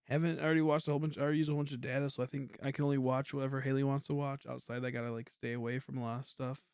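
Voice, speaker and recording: Young dude rambling on his game stream, low-key and kinda quiet, gravelly voice, dry close mic. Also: level tone, racing, no room sound. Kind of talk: casual livestream chat while gaming.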